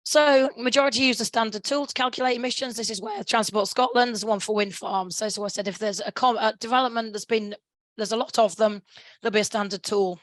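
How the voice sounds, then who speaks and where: Hoarse woman presenting a webinar. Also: fairly high pitch, fairly even intonation, fairly quick, no room sound, rough recording. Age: middle-aged. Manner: frequent restarts and throat clearing. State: hoarse, sore throat. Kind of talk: conference presentation.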